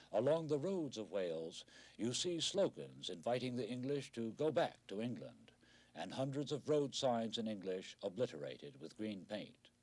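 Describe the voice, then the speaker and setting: A middle-aged man narrating a television news report in a measured, wry documentary style. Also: lowish voice, a little mellow, dry recording.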